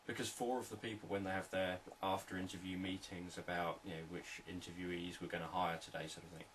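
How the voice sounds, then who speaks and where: A man, a hypnotherapist, explaining sales techniques in a calm, repetitive, unscripted teaching talk. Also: deep voice, fast, distant mic, slight background noise, rough recording.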